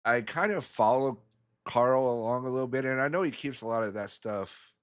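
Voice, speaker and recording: A man's voice: medium pitch, normal speed, clean tone. A man commentating a pool match in a casual way, rambling through stories and chuckling often.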